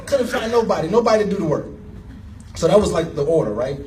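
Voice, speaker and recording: A man giving an animated, emotional personal story as a speaker at an event, laughing as he talks. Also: high voice, fast, far from the mic, a little hiss or hum. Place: event hall.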